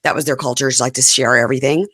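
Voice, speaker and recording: A woman in her fifties hosting a podcast, her voice hoarse and going out as she chats candidly about reality TV. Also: a bass voice, rapid-fire, no room sound, studio quality. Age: 50s. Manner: chatty and candid, animated asides. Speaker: podcast host. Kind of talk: casual reality TV recap chat.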